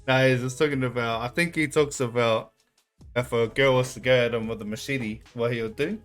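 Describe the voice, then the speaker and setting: A man's voice: mid-range voice, steady tone, fairly quick, a bit bright, soft background music. A man, casually chatting and joking as host of a reaction video. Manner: laid-back, joking, acts out quotes.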